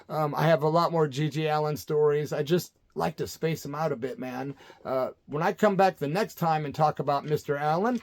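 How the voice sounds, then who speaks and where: A man in his sixties spins loose, rambling stories in a laid-back spoken-word style. His voice is gravelly with a lot of fry and sits a little high for a man. He keeps tossing in "man" as he goes. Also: a little mellow. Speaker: storyteller recalling punk tours. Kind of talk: casual spoken-word storytelling.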